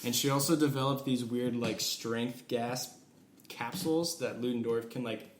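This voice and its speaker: A man's voice: mid-range voice, fairly even intonation, moderate pace. An American man co-hosting a podcast, casually recapping film scenes and quoting characters, with lots of fillers. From United States. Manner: recaps scenes with quoted voices, filler-heavy. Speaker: podcast co-host. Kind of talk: casual movie review chat. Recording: echoey room with faint noise.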